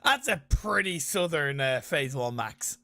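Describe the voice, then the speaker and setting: A man's voice: a little high, expressive, unhurried, sharp tone, no room sound. A man from Ireland with an Irish accent, commentating live on a mobile game tournament and teasing his co-caster in banter. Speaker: esports caster.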